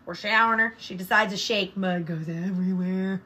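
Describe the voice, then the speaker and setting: A woman's voice: medium pitch, fairly even intonation, brisk, pushed and bright, husky. A woman, co-hosting a podcast, telling stories bluntly and swearing freely. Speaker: podcast co-host. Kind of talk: casual chat.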